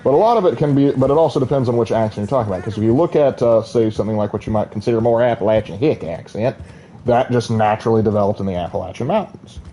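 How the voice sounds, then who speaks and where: A man's voice: lowish voice, very fast, mellow, slight background noise. A man, chatting and rambling as he streams a game, laughing often. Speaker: gaming streamer. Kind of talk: casual live-stream commentary.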